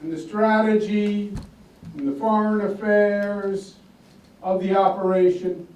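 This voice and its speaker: A man's voice: sits high, level tone, slow, a little mellow. An older man from Queens with a Queens accent, giving a folksy, emphatic campaign speech and repeating lines for effect. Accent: Queens, New York. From Queens, New York. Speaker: political candidate. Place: echoey indoor office hall. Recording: echoey, distant room recording with faint noise.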